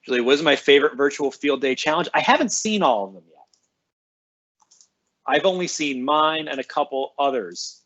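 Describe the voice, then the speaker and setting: A man's voice: fairly high pitch, animated, normal speed, pauses often, fairly bright tone, highs cut off. A man who works as a school librarian, chatting casually on a live stream with students. He reads out their names and comments and answers them cheerfully.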